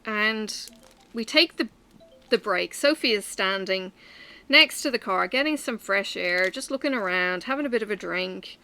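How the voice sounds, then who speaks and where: A woman's voice: medium pitch, expressive, moderate pace, pushed and bright. A woman chatting casually to camera, telling a story with many fillers. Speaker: vlogger. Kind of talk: casual chat while stitching.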